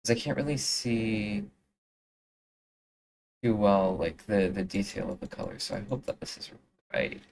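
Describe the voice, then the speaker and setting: Slow, rambling young streamer. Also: low voice, sing-song, vocal fry, a little mellow, slight background noise, rough recording. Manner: rambling, full of fillers and restarts. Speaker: streamer doing art. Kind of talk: casual live-stream chat while drawing.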